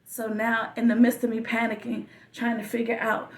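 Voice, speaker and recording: A woman hosting a podcast, telling a personal story in a slow, reflective way with soft whispered asides. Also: a little high, completely flat delivery, far from the mic. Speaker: podcast host. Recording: echoey room, voice a bit off-mic.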